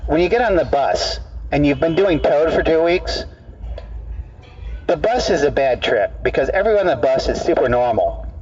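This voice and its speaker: A male street comedian telling a rambling, deadpan absurd story in halting, repeated phrases to people in an outdoor park. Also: fairly high pitch. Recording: dull distant outdoor recording.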